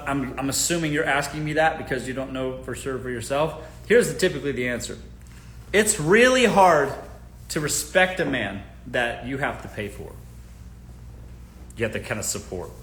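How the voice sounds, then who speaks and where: Bright-voiced man giving blunt dating advice. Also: mid-range voice, echoey room, a little hiss or hum. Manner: blunt, joking, talks straight to listeners. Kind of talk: casual live-stream advice talk.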